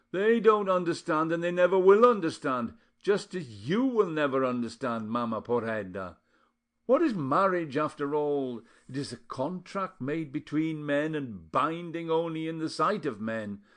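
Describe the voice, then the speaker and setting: A man's voice: on the high side, lively intonation, moderate pace, pitched above the performer's own voice, lightly acted. A man voicing a brash young lawyer who lectures bluntly. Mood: lecturing.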